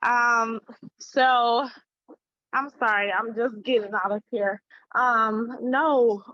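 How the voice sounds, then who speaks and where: A woman guest joining a video call from dinner, relaxed and a little scattered, speaking affectionately. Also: on the high side, slow pace, no room sound, muffled recording. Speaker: guest, peer trainer. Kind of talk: casual remarks on a video call. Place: restaurant, leaving dinner.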